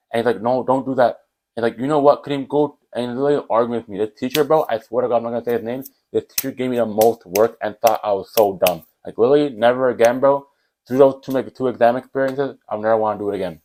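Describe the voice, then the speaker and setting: A young man, rambling and animated as he tells a casual storytime about school. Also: medium pitch, poor audio. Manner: animated, rambling, with fillers like whatever and blah blah. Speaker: vlogger.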